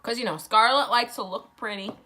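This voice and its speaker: A woman's voice: fairly high pitch, brisk, bright, forceful tone. A tipsy young woman retelling a classic novel in a crude, rambling, sarcastic way. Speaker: book vlogger. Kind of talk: drunk comic book summary.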